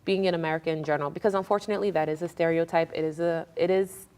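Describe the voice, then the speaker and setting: Lively young woman guest. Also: low-pitched, racing. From Democratic Republic of Congo. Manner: animated storyteller, acts out family dialogue. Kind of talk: casual interview chat.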